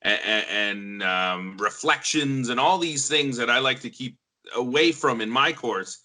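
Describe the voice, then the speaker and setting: A man interviewing a guest, speaking deliberately and pausing to search for words. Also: medium pitch, bright, forceful tone. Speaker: interviewer, course creator.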